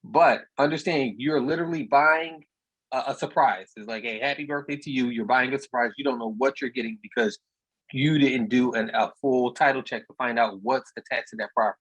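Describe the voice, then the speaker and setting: A plainspoken man with a slightly husky voice, telling stories in a casual, conversational way. His sound is dry and close, with little room around it. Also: medium pitch, steady tone, brisk, a bit bright, no room sound, poor audio. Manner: storytelling, plainspoken, repeats words. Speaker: real estate investor speaker. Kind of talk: casual talk on a video meetup.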